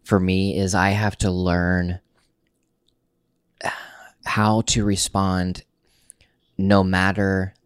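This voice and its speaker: Man, very low voice, halting, restarts words, casual chat, dry close sound. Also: little pitch movement, clean tone, no echo.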